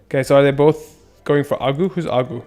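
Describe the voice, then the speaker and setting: A man streaming a game live, chatting casually with viewers, excitable and swearing often. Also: mid-range voice, a little fast, faint music behind.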